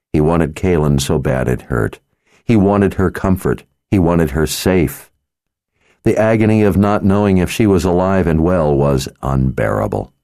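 A male narrator reads a dark fantasy audiobook in a measured, dramatic way. His voice is very deep and mellow, and the recording is close and bone dry. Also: no echo. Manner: measured, dramatic, slows for grim details.

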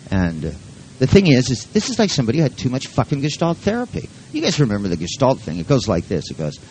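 A man's voice: medium pitch, huge pitch swings, fast, darkish tone, a little hiss or hum, low-quality recording. A man leading a live workshop who talks in a rambling, joking and profane way. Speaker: seminar leader.

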